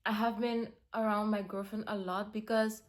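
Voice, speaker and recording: A young woman vlogging casually, rambling with many fillers and dropping to a soft, calm tone for self-affirmations. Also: medium pitch, moderate pace. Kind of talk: casual self-talk vlog.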